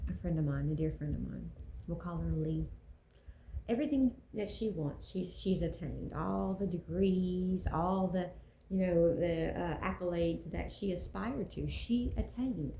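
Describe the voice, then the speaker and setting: A woman with a gravelly, mellow voice talks earnestly about her faith. She preaches in a loose, personal way and hammers points home by repeating them. The room is echoey. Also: lowish voice, measured pace, slight background noise.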